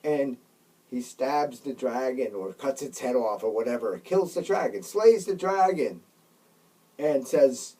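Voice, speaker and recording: A man gives casual storytelling commentary, emphatic and constantly checking in with his listeners. His voice is mid-pitched and a little husky. The microphone sits some distance away. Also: animated, unhurried, warm tone. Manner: emphatic, keeps checking in with "right?" and "okay?". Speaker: Catholic commentator.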